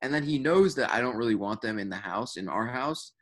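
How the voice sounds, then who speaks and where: A man's voice: medium pitch, animated, fairly quick. A young man co-hosting a podcast in casual chat, rambling with lots of filler words and swearing. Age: young adult. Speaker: podcast co-host.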